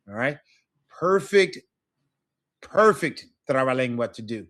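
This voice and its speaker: It's an online Spanish lesson led by a male teacher whose voice is medium-pitched and whose speed is normal. He takes his time explaining and keeps checking in with the students.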